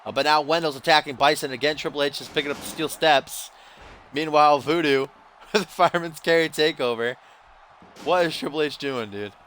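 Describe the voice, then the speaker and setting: A man giving casual, excitable play-by-play commentary over a wrestling video game, using slang the way a wrestling announcer would. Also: fairly high pitch, a little fast, a little hiss or hum. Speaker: gameplay commentator.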